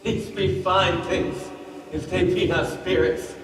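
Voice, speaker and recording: A man's voice: high voice, flat delivery, takes it slowly. A man playing a fawning, brutish island monster on stage, worshipful and eager, recorded from far off in an echoey hall. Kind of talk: live stage acting. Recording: echoey, distant stage mic with music.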